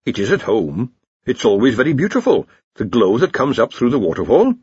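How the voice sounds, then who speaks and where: A man's voice: mid-range voice, huge pitch swings, a little fast, a little mellow, husky, dry recording, highs cut off, heavily acted. A man voicing a fussy, anxious male wizard who keeps asking worried questions. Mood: puzzled.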